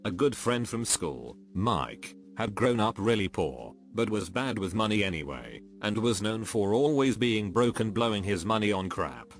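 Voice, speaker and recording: A man narrating a string of short anecdotes read from an online forum, in a steady storytelling manner. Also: on the low side, a little slow, few pauses, soft background music. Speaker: narrator reading online posts. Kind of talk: scripted narration.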